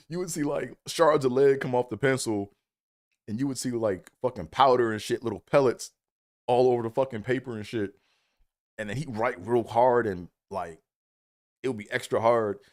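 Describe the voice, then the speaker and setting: A young man with spins a childhood story, swearing freely as he goes. His voice sits at an ordinary pitch but climbs sharply whenever he acts out a quote. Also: moderate pace. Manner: profane, animated, acts out quotes in a raised voice. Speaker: comedic storyteller. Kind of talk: casual storytelling monologue.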